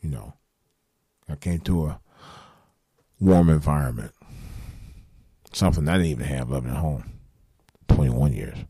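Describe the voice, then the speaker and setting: A man's voice: a bass voice, measured pace, long pauses, warm tone, breathy edge, dry recording, clean studio sound. A man in his fifties hosting a live late-night call-in show, talking earnestly and bluntly, repeating himself and swearing now and then. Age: 50s.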